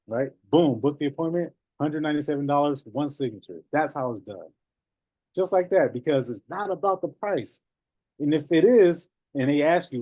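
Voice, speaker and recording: A man coaching notaries in a casual, animated talk, laughing often and repeating phrases. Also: mid-range voice, normal speed, no echo.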